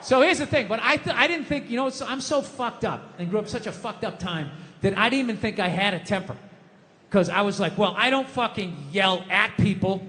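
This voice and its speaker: A man's voice: high voice, a little hiss or hum. A middle-aged man doing a stand-up comedy set, ranting in an exasperated, swearing way on stage. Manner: loud, exasperated rants, swearing. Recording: live hall with long reverb. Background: audience laughter.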